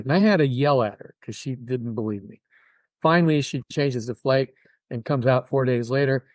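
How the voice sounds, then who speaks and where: An older man talking as a guest in an interview, telling personal stories with an animated delivery and acting out other people's words. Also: mid-range voice, normal speed, dry recording. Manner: animated, acts out quoted voices. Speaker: guest musician. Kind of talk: casual interview storytelling.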